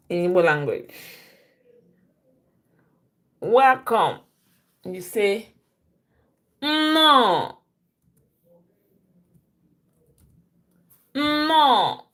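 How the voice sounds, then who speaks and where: Slow-paced woman teaching. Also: medium pitch. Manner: repeats phrases slowly for learners. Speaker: language teacher. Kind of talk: slow live-stream language lesson.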